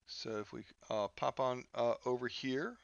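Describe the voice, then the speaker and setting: A man teaching a software lesson over a screen recording, talking haltingly with many fillers and restarts. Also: mid-range voice, steady tone, gravelly, dry recording, highs cut off. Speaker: instructor.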